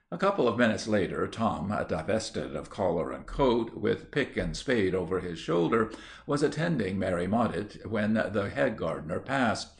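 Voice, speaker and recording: A man reading a classic story aloud in a measured, literary narration. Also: lowish voice, very animated. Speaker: audiobook reader.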